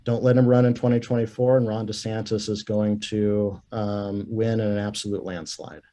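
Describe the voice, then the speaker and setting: A man's voice: fairly low pitch, flat delivery, moderate pace, mellow. A man guest on a podcast, talking politics in a rambling, self-correcting way. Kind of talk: casual political chat.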